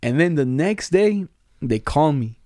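A young man telling a story to a friend in casual chat, slangy and animated, laughing often. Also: fairly high pitch, a little slow, no echo, studio quality.

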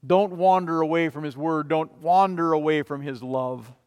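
High-voiced preaching man in a hall. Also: moderate pace, a little mellow, clean tone. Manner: emphatic, rising and falling in volume. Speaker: pastor. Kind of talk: sermon.

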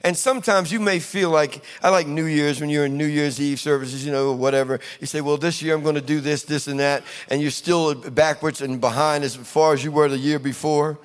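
A man preaching a sermon, telling a lively story and acting out the people in it. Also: fairly high pitch, brisk, hardly any pauses, smooth. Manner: storytelling, acting out scenes with voices. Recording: long reverb of a large hall with audience.

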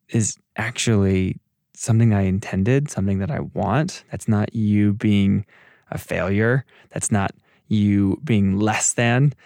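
Low-voiced man reflecting aloud on faith. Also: gravelly, darkish tone, no echo, studio quality. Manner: reflective, thinking aloud, searching for words. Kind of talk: casual faith discussion.

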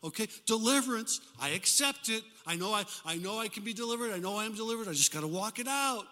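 An older man, a pastor, preaching a lively sermon to his congregation and calling for responses from them. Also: sits high, fast talker. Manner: animated, call-and-response preaching. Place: church sanctuary. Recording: hall reverb.

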